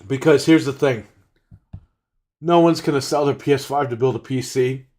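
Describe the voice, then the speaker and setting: A man's voice: mid-range voice, fairly even intonation, normal speed, darkish tone. A man co-hosting a casual podcast, ranting with heavy swearing, his throat congested. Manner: ranting, profane. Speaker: podcast co-host.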